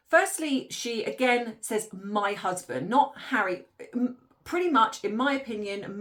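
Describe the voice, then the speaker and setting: A woman's voice: on the high side, a bit bright. A woman, likely in her forties, hosting an opinionated commentary monologue, exasperated and ranty, often laughing in disbelief. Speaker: commentary channel host.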